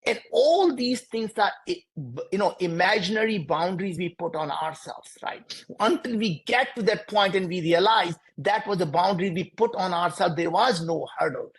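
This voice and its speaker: A man's voice: high-pitched, expressive, normal speed. Emphatic Indian-accented man. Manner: emphatic, repetitive, preachy cadence. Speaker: entrepreneur guest. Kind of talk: motivational interview answers.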